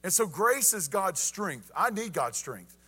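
High, bright-voiced preacher. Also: male voice, big pitch swings, measured pace, husky. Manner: folksy, repeats "you ready?" and "y'all". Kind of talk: informal evening sermon.

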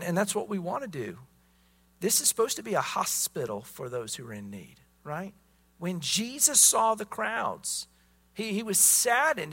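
Bright, gravelly-voiced male preacher. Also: sits high. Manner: emphatic preaching with many repeated words. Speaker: pastor. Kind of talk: sermon.

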